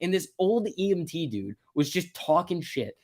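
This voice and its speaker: A man's voice: sits high, big pitch swings, normal speed, darkish tone. A man hosting a casual stock market livestream, chatting and laughing often as he reads chat and tells stories. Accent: New Jersey.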